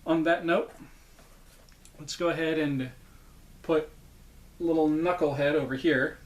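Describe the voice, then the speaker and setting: A man's voice: fairly high pitch, steady tone, a little slow. Enthusiastic rambling male collector. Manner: enthusiastic, rambling, self-correcting. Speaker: puppet collector, channel host. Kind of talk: casual unboxing vlog.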